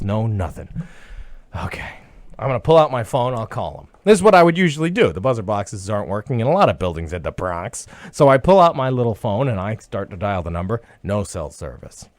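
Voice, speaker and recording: A man telling a personal story live on the radio as host, chuckling often and breaking into loud yelling. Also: fairly low pitch, no room sound. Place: radio studio.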